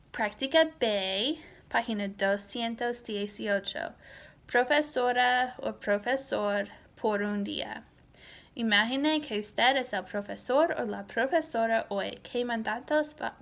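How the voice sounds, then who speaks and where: A woman teaching a Spanish grammar lecture, talking slowly and methodically with frequent ums and uhs. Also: on the high side, vocal fry, fairly bright tone. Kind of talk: recorded lecture.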